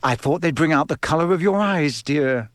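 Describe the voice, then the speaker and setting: A fussy, scolding storybook mother, put on by a male narrator, pitched well above his own voice. Her lines jump sharply up and down as she fusses and bosses. The sound is close and dry. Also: expressive, normal speed, no echo. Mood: fond, flustered. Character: fussy, bossy middle-aged mother.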